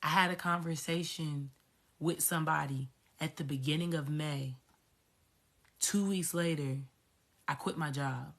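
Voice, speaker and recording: A woman's voice: low-pitched, unhurried, long pauses, fairly bright tone. A woman coach telling a personal story to her viewers, emphatic and profane, repeating herself for effect. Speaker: spiritual coach. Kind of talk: candid storytelling vlog.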